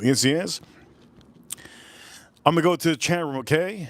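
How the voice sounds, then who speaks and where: A man's voice: fairly high pitch, a little slow, pauses often, dry recording. Chatty man hosting a live stream. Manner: repetitive, loose and chatty, calling out viewer names. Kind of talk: casual live stream chat.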